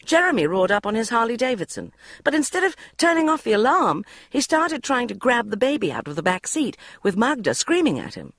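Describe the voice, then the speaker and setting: A woman reading a first-person diary audiobook in a wry, expressive way. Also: mid-range voice, no room sound, clean studio sound. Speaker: audiobook narrator.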